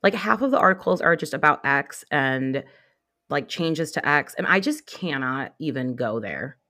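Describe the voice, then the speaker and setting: A young woman co-hosts a podcast in a loose, chatty way. She strings her thoughts together with frequent "like" fillers and little quoted asides. Her voice sits a little low for a woman. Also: animated, normal speed, sharp tone. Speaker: podcast co-host. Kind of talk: casual chat.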